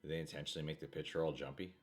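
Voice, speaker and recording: A man co-hosting a casual movie watch-along, wisecracking, laughing loudly and slipping into silly put-on voices. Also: rumbling low, steady tone, rapid-fire, faint music behind. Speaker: co-host of a movie reaction channel.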